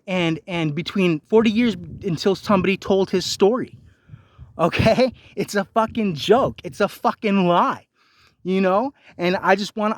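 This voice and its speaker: A man with a notably high voice rants angrily at the camera, swearing heavily and hammering the same rhetorical questions. His voice sounds dry and close, with no room echo. The delivery is confrontational throughout. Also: a bit bright. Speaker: vlogger. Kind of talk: profane ranting monologue.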